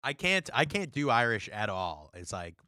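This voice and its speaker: A man's voice: medium pitch, very animated, normal speed, bright, forceful tone, no room sound. A man co-hosting a casual podcast over a call, joking and reading an article aloud with playful emphasis. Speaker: podcast co-host. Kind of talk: casual chat. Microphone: remote call mic.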